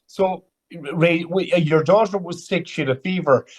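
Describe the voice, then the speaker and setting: A man's voice: a little high, normal speed. A man co-hosting an interview on a video call, asking short questions to clarify the story. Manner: checks facts with brief questions. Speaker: co-host. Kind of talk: conversational interviewing.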